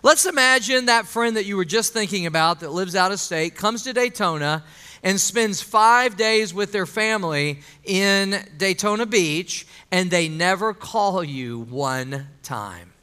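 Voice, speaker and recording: A man's voice: high-pitched, animated, unhurried, sharp tone, clear, resonant tone. A man preaching a conversational sermon to his congregation, asking them questions and calling for amens. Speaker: pastor.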